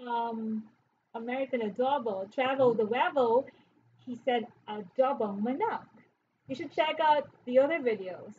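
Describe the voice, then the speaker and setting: A woman co-hosts a relaxed viewer-question chat, mostly answering in short, agreeable bits and only sometimes in longer thoughts. Her voice is high. The sound is dull and lo-fi, with a faint hiss. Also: unhurried. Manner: brief, agreeable interjections. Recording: muffled low-fidelity audio with faint background hiss.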